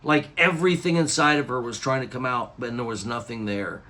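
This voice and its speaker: A man's voice: medium pitch, brisk. Guy telling a long story to his camera, rambly, lots of restarts, normal middle voice. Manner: rambling, animated retelling with many restarts and acted quotes. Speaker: YouTuber.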